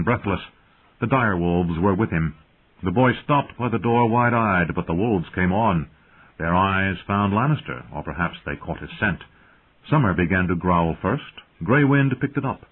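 A man narrating a fantasy audiobook in a measured storytelling manner. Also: low voice, husky. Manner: measured storytelling, shifts into character voices. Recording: tinny lo-fi phone-like sound.

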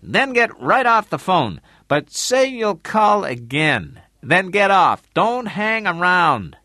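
A man voicing a scheming middle-aged man who gives hurried instructions. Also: high voice, very animated, sharp tone, dry recording, clean studio sound, pitched above the performer's own voice, exaggerated voice.

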